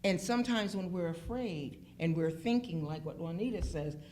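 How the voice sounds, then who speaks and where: The woman speaks at a normal pace with a lowish voice and a little hiss or hum on the recording. A phlebotomist guest from Pittsburgh, Pennsylvania, she brings animated, emphatic storytelling to a casual group chat, acting out every quote.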